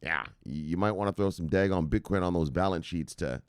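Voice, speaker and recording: Low-voiced, profane crypto news host. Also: male voice, brisk, clear, resonant tone, no room sound, studio quality. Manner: loose, profane and chatty, laughs often. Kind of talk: casual news commentary. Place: at a computer.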